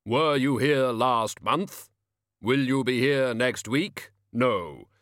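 A man voicing a stern stranger who scolds a king in slow, pointed questions. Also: mid-range voice, fairly bright tone, no echo, clean studio sound, voice pushed up. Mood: reproachful.

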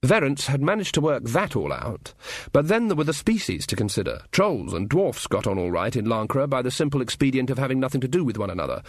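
A man's voice: mid-range voice, big pitch swings, fairly quick, dry recording. Guy reading an audiobook, dry wry delivery, close mic, no room sound. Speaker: audiobook narrator. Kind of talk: scripted narration.

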